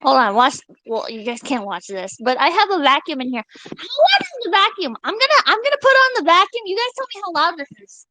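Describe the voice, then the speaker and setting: A young woman live streamer chatting casually with her viewers, excitable and giggly, swearing freely. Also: extremely high pitch, brisk, no room sound, rough recording.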